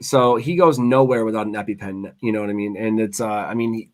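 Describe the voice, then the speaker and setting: A man's voice: fairly low pitch, fairly quick, darkish tone. A man, a chef hosting a casual chat, rambling through loose stories with frequent restarts and swearing. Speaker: host, chef.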